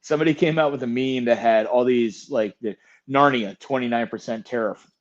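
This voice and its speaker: Brief: wry, swearing male co-host, mid-pitched, muffled lo-fi line. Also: a little fast. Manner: wry, profane, drops to mutters. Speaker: podcast co-host. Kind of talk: casual chat.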